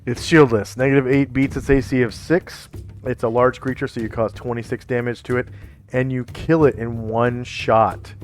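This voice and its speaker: A man's voice: mid-range voice, little pitch movement, normal speed, faint music behind. A man narrating as game master of a tabletop game in a laid-back, descriptive way.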